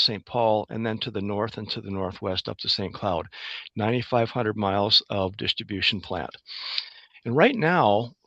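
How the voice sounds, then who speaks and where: A man giving a relaxed, plain-spoken webinar presentation as a guest engineer over a video call. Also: medium pitch, dry recording, dull audio. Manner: plain, relaxed, narrates his screen sharing. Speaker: guest speaker, utility engineer.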